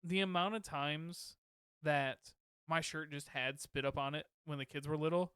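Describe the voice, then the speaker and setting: A man's voice: on the high side, steady tone, normal speed, fairly bright tone, clean tone, no room sound, studio quality. A man co-hosting a podcast, chatting casually and animatedly about parenting. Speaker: podcast co-host, father. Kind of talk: casual chat.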